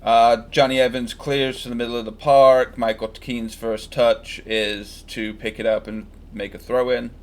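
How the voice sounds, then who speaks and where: A man's voice: mid-range voice, flat delivery, measured pace, hardly any pauses. A man chatting casually and joking while commenting live on a football match he is watching for his stream. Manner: chatty, joking, fan-biased predictions.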